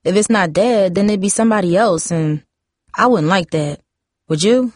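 A woman reading a novel aloud, voicing a defensive, chatty fourteen-year-old girl with high, emphatic outbursts. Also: moderate pace, no room sound, clean studio sound, close to an everyday voice. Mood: earnest.

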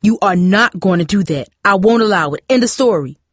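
A woman voicing an angry middle-aged father who shouts and booms during a family fight. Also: expressive, normal speed, no echo, clean studio sound. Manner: loud, booming.

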